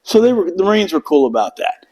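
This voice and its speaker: A man's voice: high-pitched, big pitch swings, fast, warm tone, muffled recording. A middle-aged man, a veteran, telling a long story in casual podcast chat, cursing freely and breaking into voices of the people he describes. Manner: profane, rambling storyteller who acts out voices. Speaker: veteran telling war stories.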